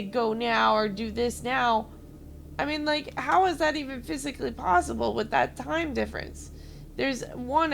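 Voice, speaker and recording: Agitated high-voiced woman venting. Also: gravelly, fairly bright tone, slight background noise. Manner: agitated, rambling, heated. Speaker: streamer. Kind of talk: casual venting to stream chat.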